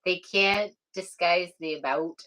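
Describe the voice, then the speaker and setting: A woman's voice: fairly low pitch, a little slow, a bit bright, low-quality recording. A woman from the US West Coast co-hosting a casual live chat, giggling and teasing playfully. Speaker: co-host of a live chat stream.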